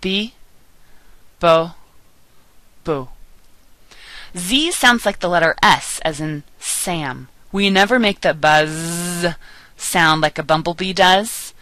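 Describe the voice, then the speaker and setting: Woman, language teacher, slow patient delivery, clear bright tone, dry close sound. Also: fairly low pitch, lively intonation, dry recording, low-quality recording. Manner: patient, drawn-out model pronunciations with repeated words. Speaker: Spanish teacher. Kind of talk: recorded pronunciation lesson.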